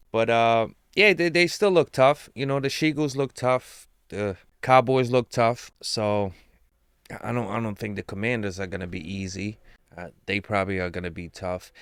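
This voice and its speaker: A man giving casual, excited fan commentary with slang, rambling about his team. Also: mid-range voice, clean tone, no room sound, clean studio sound. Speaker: sports commentator.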